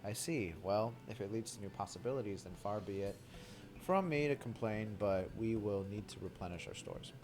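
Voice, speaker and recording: A polite, formal older gentleman from a fantasy game, read aloud by a male streamer. He speaks in measured, courteous phrases, a touch lower than everyday talk. Game music runs clearly underneath. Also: close to an everyday voice. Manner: formal, polite reading of scripted lines.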